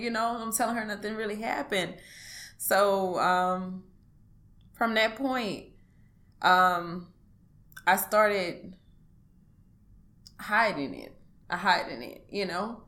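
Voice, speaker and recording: A woman at a middle pitch, speaking as a guest in an interview. She tells a personal account haltingly, pausing often and restarting her sentences. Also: lively intonation, a bit bright. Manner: halting, hesitant, with many pauses and restarts.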